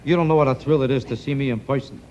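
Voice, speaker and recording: On a television studio stage before an audience, a man with a mid-range voice delivers a rambling stand-up routine at a very fast clip, teasing the crowd between jokes. The sound is lo-fi, with loud studio audience laughter and noise.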